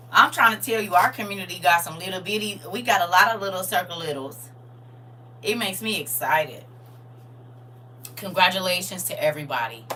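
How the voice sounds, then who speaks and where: A middle-aged woman chatting excitedly and casually to her viewers on a live stream. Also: lowish voice, slight background noise, poor audio. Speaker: livestream host.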